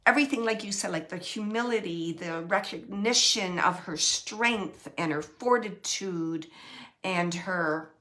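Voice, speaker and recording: A woman giving a live mediumship reading, relaying messages in a halting, emotional way and often searching for words. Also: on the low side, bright, forceful tone. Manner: emotional, close to tears at times.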